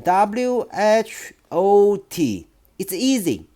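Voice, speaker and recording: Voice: mid-range voice, sing-song, drawn-out words, dark tone, voice pushed up. A reader voicing a nervous but cheeky young schoolboy who answers hesitantly, in an audiobook reading.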